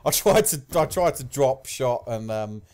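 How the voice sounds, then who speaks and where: A young man commentating live gameplay, swearing often and yelling at kills and deaths, with a slight cough. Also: mid-range voice, measured pace. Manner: excitable, swears a lot, shouts at game events. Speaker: gaming commentator.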